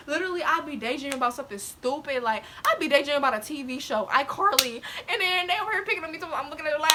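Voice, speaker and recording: Talking fast over a noisy background, a young woman with a high-sitting voice shares a personal story with her vlog viewers. She's casual and animated, laughing a lot but slipping near to crying.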